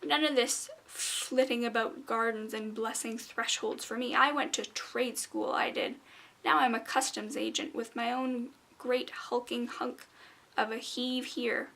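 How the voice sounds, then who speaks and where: A woman voicing a gruff little gnome woman customs agent with a grumbly, gravelly voice. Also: fairly high pitch, steady tone, unhurried, fairly bright tone, exaggerated voice. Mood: boastful.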